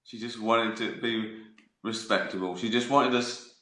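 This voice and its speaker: A man's voice: on the low side, steady tone, measured pace, pushed and bright. A man in his fifties hosting his own live stream, telling rambling anecdotes with frequent laughs and free swearing. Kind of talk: casual storytelling chat. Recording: roomy echo.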